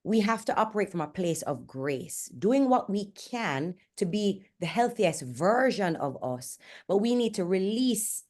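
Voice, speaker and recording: A Jamaican woman in her forties, a host and fitness coach, leads a candid motivational talk in a frank, earnest, blunt manner. Her voice is mid-range and a little mellow.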